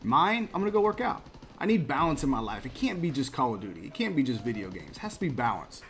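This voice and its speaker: A man's voice: medium pitch, very animated, fast, a bit bright, a little hiss or hum. A man in his late thirties giving chatty, motivational commentary while playing a video game. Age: 30s. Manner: chatty, motivational, laughs at himself. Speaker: gaming channel host. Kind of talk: casual gameplay commentary.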